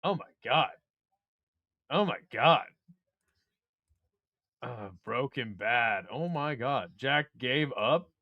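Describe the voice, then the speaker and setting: A man hosting a live fight commentary stream from home, excitable and profane, laughing often. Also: mid-range voice, slow, long pauses, no room sound, dull audio. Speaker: host.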